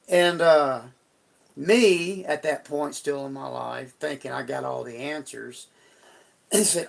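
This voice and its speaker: A man's voice: on the high side, measured pace, creaky. A middle-aged man on a live stream, telling a personal story in a folksy, rambling way with frequent restarts.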